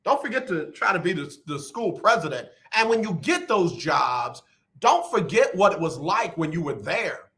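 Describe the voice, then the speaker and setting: A middle-aged man hosting a radio talk show, animated and rambling with playful drama. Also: high voice, moderate pace. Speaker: radio host. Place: radio studio.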